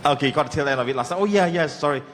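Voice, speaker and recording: A man's voice: on the high side, rapid-fire, fairly bright tone. Man coaching comedy, says "okay" a lot. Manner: chatty, peppered with "okay". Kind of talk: giving feedback to a performer. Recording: hall with faint ambient noise.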